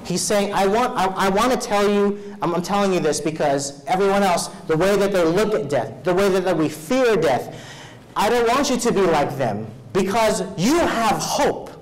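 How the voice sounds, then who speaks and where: This is a sermon from a male pastor at a live evening service, captured in a low-quality recording. He reads scripture expressively, pauses for the congregation to fill in words, and grows loud while preaching but goes soft and low for his personal stories.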